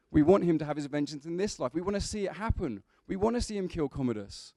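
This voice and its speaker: In a sermon, a man preaches conversationally to his church congregation, tossing in humorous asides. His gravelly, warm voice is a bit higher than most men's, animated and fast with hardly any pauses. The sound is dry and close, without echo.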